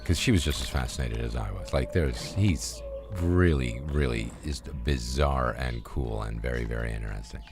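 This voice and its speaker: A middle-aged man with a very deep voice streams a game while telling a rambling, casual story packed with swearing and filler words. He talks at a normal speed with few pauses, and background noise is audible.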